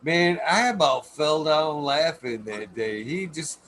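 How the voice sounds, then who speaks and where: A man's voice: on the high side, slow, fairly bright tone, a little hiss or hum. A man hosting a casual podcast chat, telling loose, profane stories and laughing, running a stream with a chat. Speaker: podcast host.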